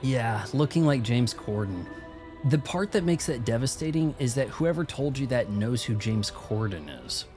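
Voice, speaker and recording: A young man live-streaming a game, talking loosely and at length to his chat. His voice sits at an average pitch, and he jokes at his own expense as he wanders from topic to topic. Faint music plays underneath. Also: big pitch swings, moderate pace. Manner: rambling, self-deprecating, talks to chat.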